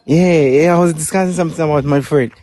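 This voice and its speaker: A man's voice: a little high, fast, mellow. A man in his twenties with a Ghanaian accent, calling in from outdoors, hesitant and agreeable, often answering with yeah. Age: 20s. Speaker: caller.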